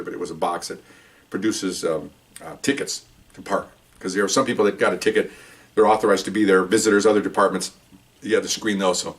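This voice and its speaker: An older man, a retired police officer, telling a story casually and jumping up in pitch as he acts out the dialogue. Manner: animated, jumps up in pitch when acting out dialogue. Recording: voice picked up from a distance.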